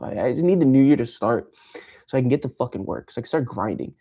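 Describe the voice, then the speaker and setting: A man's voice: medium pitch, moderate pace, mellow. A man ranting on a casual livestream, frustrated and swearing freely as he rambles. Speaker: streamer.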